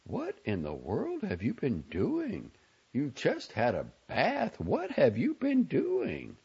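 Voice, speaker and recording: A man putting on a shrill nagging mother. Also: wildly swooping pitch, a little slow, a little mellow, highs cut off, exaggerated voice. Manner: shrill, nagging, demanding questions. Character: fussy prying middle-aged mother.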